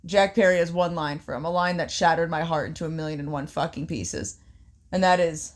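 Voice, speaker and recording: A woman co-hosting a casual podcast, swearing constantly as she tells a story in an animated way. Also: sits low, brisk. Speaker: podcast co-host. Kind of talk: casual chat recapping wrestling.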